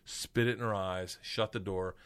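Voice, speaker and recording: A middle-aged man, a comedian guest, telling an animated story with lots of swearing and high-pitched quoted voices. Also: normal speed, clean tone. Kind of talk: casual storytelling.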